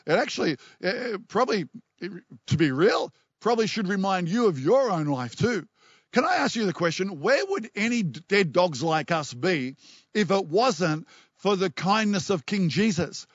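A man preaching a passionate sermon as pastor, reading scripture aloud and stumbling over repeated words when excited. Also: a little high, dry recording, muffled recording.

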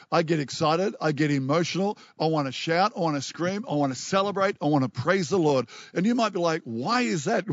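A pastor delivers an impassioned sermon, reading scripture aloud and tripping over repeated words when he gets excited. His voice sits on the high side, and the lo-fi recording has no room sound.

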